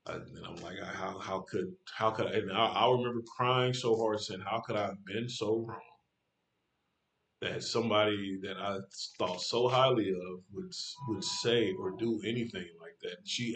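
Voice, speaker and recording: Man, low voice, rambling emotional storytelling, profane, echoey room. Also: moderate pace, fairly bright tone. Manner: rambling, restarts, voice climbs high when angry. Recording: roomy echo.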